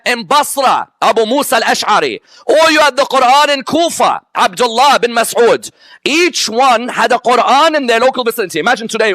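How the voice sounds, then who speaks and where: A man with a notably high voice teaches religious history to a live audience. The sound is dry and close, with little room around it. He walks his listeners through points one at a time and keeps pulling them in with "yes?" and "correct or no?". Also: a bit bright, dry recording. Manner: lists items one by one in a slow, emphatic way. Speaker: religious lecturer.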